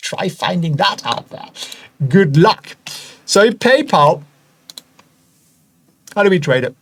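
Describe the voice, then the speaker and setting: Chatty German-accented man with a high voice. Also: slow, creaky, slight background noise. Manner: excitable, chatty, jumps into high-pitched bursts. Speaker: investing channel host. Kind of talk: screen-share stock analysis.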